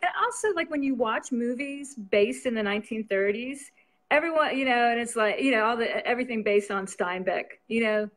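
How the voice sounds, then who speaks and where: A woman's voice: on the high side, fairly quick, a bit bright. A woman novelist chatting casually as an interview guest, rambling and laughing often.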